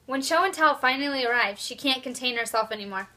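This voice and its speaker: A young woman, a student, presenting a children's book and reading a passage aloud cheerfully and clearly. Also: sits high, fast talker, hardly any pauses, sharp tone. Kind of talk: read-aloud book talk.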